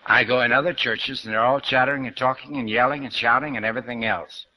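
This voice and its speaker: A man's voice: medium pitch, fairly even intonation, fast talker, pushed and bright, poor audio. A man giving a New Thought spiritual lecture in a conversational, folksy way, quoting scripture as he goes. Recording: archival lecture recording.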